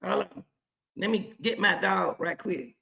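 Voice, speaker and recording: Woman, excitable reaction host, bright voice, talks over clips. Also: medium pitch, measured pace, gravelly, highs cut off. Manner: excitable, chatty, repeats herself. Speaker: commentary host. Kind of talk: casual reaction commentary.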